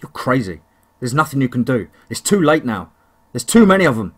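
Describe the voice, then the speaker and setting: A man's voice: mid-range voice, big pitch swings, a little fast, a bit bright, slightly rough. A man reading a horror story, voicing a frightened local man who speaks urgently in a raised voice. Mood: panicked.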